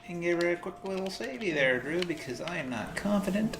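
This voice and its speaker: Brisk and animated, this high-voiced man with vocal fry chats through his gameplay, laughing a lot and breaking down how the game works. The audio is reverberant, and crowd noise can be heard.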